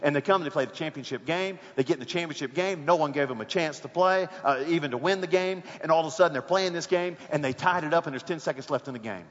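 A man with a high voice preaches a sermon and tells a story with rising energy, breaking into excited shouts. His voice rings with a long reverb in a large hall, and the recording sounds muffled. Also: fast, hardly any pauses.

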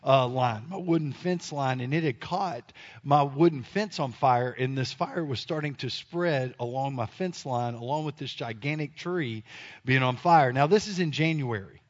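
A man, telling a self-deprecating story to an audience in an animated, comic way. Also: mid-range voice, moderate pace. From Memphis area, United States. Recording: dull lo-fi sound.

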